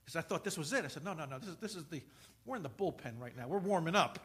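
Delivering a sermon, the middle-aged pastor moves from storytelling and acted-out dialogue into emphatic preaching. His voice is on the high side, animated and fast, a bit bright and slightly rough.

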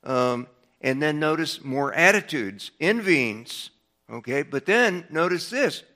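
A man preaching an evening Bible sermon in a folksy way, climbing in pitch and loudness to stress lists of words, then dropping low again. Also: lively intonation, takes it slowly. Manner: folksy, with fillers and restarts. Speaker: pastor.

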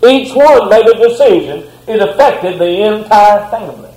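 A man delivers a sermon with impassioned swings in pitch and loudness. His voice sits fairly high for a man. An echoey room rings around his words. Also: animated, moderate pace. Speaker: preacher.

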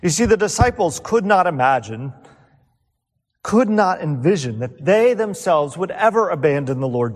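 Male preacher mid-sermon, earnest and questioning, higher voice in a reverberant hall. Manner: earnest, rhetorical questions, drops soft on key words.

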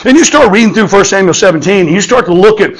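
A man's voice: high voice, lively intonation, fast, low-quality recording. A man, preaching a sermon in a folksy storytelling manner, often repeating words and checking in with "okay?". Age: 50s.

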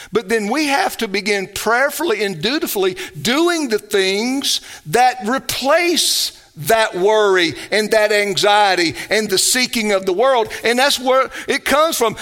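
Man, pastor, sermon, emphatic, high voice, bright tone. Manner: emphatic, swings from loud exhortation to quiet storytelling.

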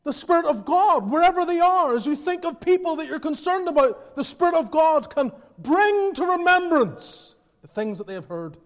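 A man preaching a sermon as pastor, earnest, moving between hushed and fervent passages. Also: very high-pitched, sing-song, moderate pace, hardly any pauses. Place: church sanctuary. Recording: church with long reverb.

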